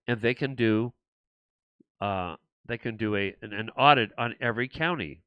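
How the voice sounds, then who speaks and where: An older man hosts a live political talk show from behind a desk, rambling and circling back on himself with halting restarts. His voice is bright and forceful, and the recording is close and dry, with no room sound around it. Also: mid-range voice, smooth, no echo. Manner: rambling, frustrated, many restarts. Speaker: show host.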